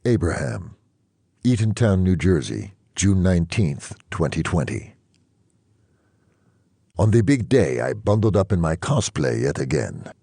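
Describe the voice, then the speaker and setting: A man reading a novel aloud in first-person narration, measured and even. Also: low voice, creaky, slightly rough, no echo. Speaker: audiobook reader.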